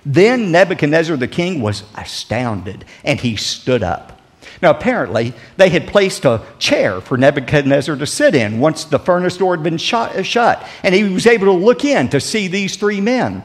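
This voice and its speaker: A pastor delivering a sermon with dramatic swings in loudness and emphasis. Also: male voice, big pitch swings, normal speed, big-room sound. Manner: dramatic preaching with big swings in pitch and volume.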